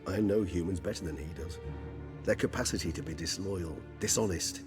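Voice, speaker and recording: An actor playing a courtly, wise male vampire who speaks in a formal, articulate and measured way in a video game. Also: low-pitched, lightly acted. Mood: grave. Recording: game audio with loud music under it.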